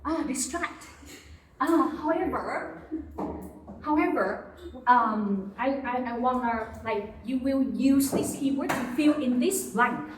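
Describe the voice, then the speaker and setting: A woman's voice: sits high, slow pace, a little hiss or hum. A woman teaching English to a class, patiently prompting students and repeating words. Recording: echoey classroom from far off.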